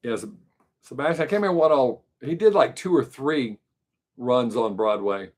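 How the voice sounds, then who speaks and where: A man's voice: medium pitch, animated, moderate pace, a little mellow. A man with a mild Southern US accent hosting a live stream, chatting casually with viewers in a loose, rambling way. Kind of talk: casual chat answering viewers.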